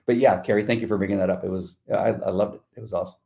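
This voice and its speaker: Very fast and creaky, this middle-aged man's low, dark voice holds a steady tone. As one of a podcast's co-hosts, he tells stories in relaxed conversation, easygoing and voicing the quotes himself.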